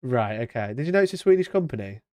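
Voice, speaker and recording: A British man hosting a casual live stream, chatty and mock-indignant, talking into a boom-arm mic. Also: very animated, quick pace, darkish tone, no room sound, studio quality. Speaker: streamer host. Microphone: studio mic on boom arm.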